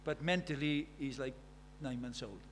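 A man with a South Welsh accent preaching a sermon, earnest, moving from loud emphasis to hushed storytelling. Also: mid-range voice, moderate pace, a little hiss or hum. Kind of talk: sermon with personal stories.

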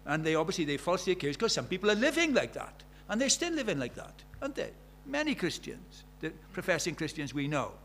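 A man preaching a sermon, animated and rhetorical, asking the congregation questions and acting out the voices he quotes. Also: high voice, fast talker, hardly any pauses, a little hiss or hum.

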